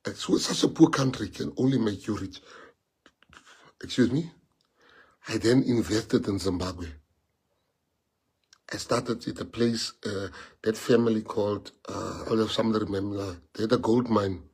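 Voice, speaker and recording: A man's voice: fairly low pitch, moderate pace, pauses often, darkish tone, slightly rough. A man from South Africa with a South African accent, a native Afrikaans speaker, giving an impassioned monologue to followers and repeating rhetorical questions. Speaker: politician addressing followers. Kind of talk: emotional live-streamed monologue.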